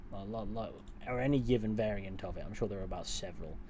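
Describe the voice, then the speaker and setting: A man's voice: lowish voice, fast, mellow, slight background noise. A man streaming, casually reading out chat comments and answering them in a dry, offhand way. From England.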